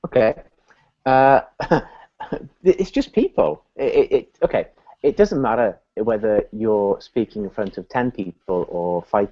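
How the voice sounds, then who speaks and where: Male business consultant guest, mellow voice, animated storyteller; dull, dry video-call audio. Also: on the low side, no echo. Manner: animated, acts out voices in his anecdotes. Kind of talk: storytelling in a live video chat.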